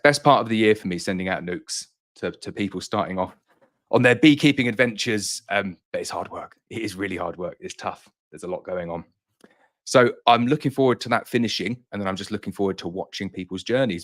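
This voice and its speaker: Speaking in a fairly low voice with a fairly bright tone, a man who runs a beekeeping business answers questions from viewers in a relaxed live Q&A. He comes across as reassuring, though slightly out of breath.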